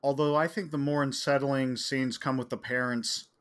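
A man's voice: medium pitch, steady tone, normal speed, a bit bright. A man co-hosting a podcast in casual chat, speaking in a dry, matter-of-fact way. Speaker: podcast co-host.

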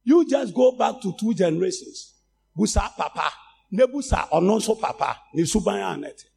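A male preacher with a Ghanaian accent delivering a sermon, a Twi speaker who swings from calm talk to loud shouted exhortation. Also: high-pitched, moderate pace, creaky, breathy edge. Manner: switches between English and Twi, rising to shouts.

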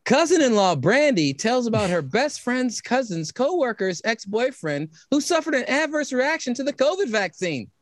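A man's voice: very high-pitched, big pitch swings, normal speed, hardly any pauses, dry recording. A man hosting a mock quiz show with an emphatic announcer manner. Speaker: game show host.

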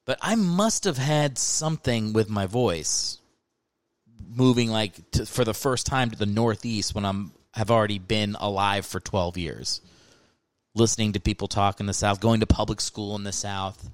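A podcast host in his thirties, with roots in the American South and New Jersey, rambles through a casual comedic monologue, joking and packing in fillers. His voice is on the low side, his speed normal, and the recording dry.

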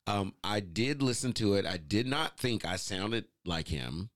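A man with a deep voice, a musician guest, telling stories in a relaxed way and laughing often. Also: measured pace, no echo. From United States. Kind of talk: casual storytelling interview.

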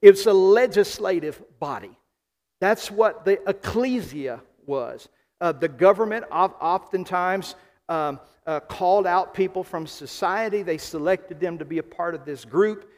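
A man from the American South preaching a sermon as pastor, emphatic, slowing and repeating key phrases. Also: high voice, expressive, a little mellow. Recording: long hall reverb.

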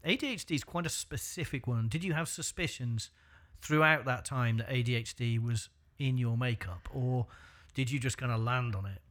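A man interviewing a guest in a relaxed way, asking careful questions with a joking side. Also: mid-range voice, normal speed, few pauses. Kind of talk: casual interview.

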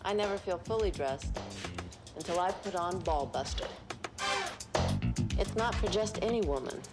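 A woman's voice: animated, normal speed, natural voice. Helen, a woman playing a brash actress. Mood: confident pitch. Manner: confident, pitching. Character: ambitious actress Helen doing a perfume ad. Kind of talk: TV drama acting. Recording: TV clip with music behind. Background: music.

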